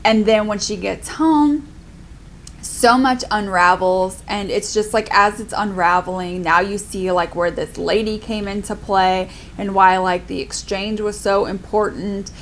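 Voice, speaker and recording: A woman's voice: mid-range voice, fairly even intonation, measured pace, slight background noise. A young adult woman chatting casually in a book review vlog, filling her talk with "like". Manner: chatty, lots of "like" fillers. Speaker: book vlogger.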